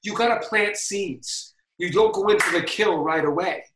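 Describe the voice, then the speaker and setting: A man from Boston, a DJ and guest, telling stories in a fast, slangy way full of fillers. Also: high-pitched, reverberant, far from the mic, background noise. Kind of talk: casual storytelling interview.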